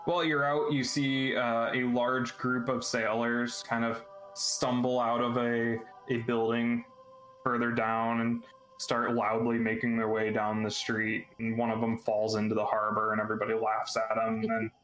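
A man's voice: mid-range voice, completely flat delivery, moderate pace, a bit bright, echoey room, soft background music, poor audio. A man narrating a tabletop game as game master, loose and laughing, full of filler words.

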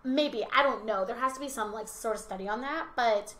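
A young woman with a bright, slightly high voice tells a classroom story on a casual podcast, slipping into the children's voices as she goes. She sounds like she is in a roomy space with some echo. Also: brisk. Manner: animated storyteller, acts out kids' voices. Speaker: teacher and podcast co-host.

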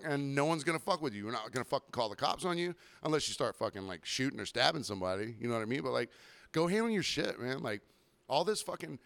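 A man's voice: medium pitch, a bit bright, clean tone, no echo. A man hosting a podcast, telling a story in casual chat, rambling and swearing often. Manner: profane, rambling, with acted quotes. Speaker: podcast host.

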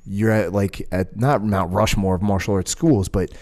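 A man's voice: on the low side, moderate pace. A man co-hosting a casual podcast, telling rambling stories with plenty of swearing and restarts. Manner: rambling, profane, animated storytelling. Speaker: podcast co-host, jiu-jitsu school owner.

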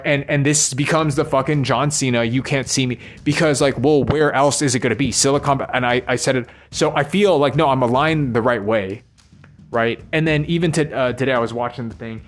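Weary man venting in a rambling monologue. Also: medium pitch. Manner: weary, frustrated venting, halting and profane. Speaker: vlogger.

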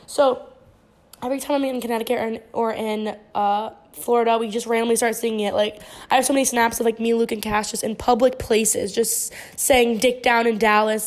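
A woman's voice: a little high, a little mellow. A woman in her twenties, a podcast host telling a story in casual chat, rambling and swearing freely. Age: 20s. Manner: profane, rambling, heavy use of "like".

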